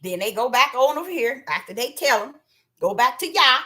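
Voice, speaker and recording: A woman preaching an animated sermon, who acts out voices and swings between low murmurs and loud cries. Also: brisk. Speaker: self-styled prophetess. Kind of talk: preaching monologue.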